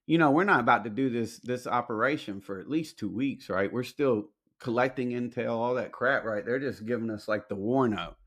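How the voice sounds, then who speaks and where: Speaking at medium pitch and normal speed with few pauses, a veteran from Alabama recounts war stories during a podcast interview. He's a slangy, profane, lively storyteller who acts out the lines people said.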